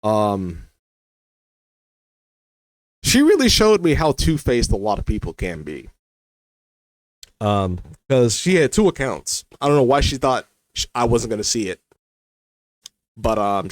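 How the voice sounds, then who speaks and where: A man's voice: mid-range voice, big pitch swings, unhurried, long pauses, no echo, rough recording. A young adult man vlogging, telling a personal story in a loose, rambling way full of "like" and "you know".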